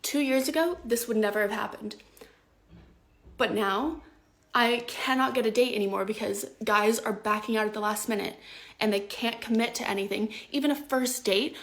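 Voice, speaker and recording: A woman's voice: a little high, fairly quick. A young woman ranting in a casual selfie vlog, indignant and exasperated, with frequent swearing.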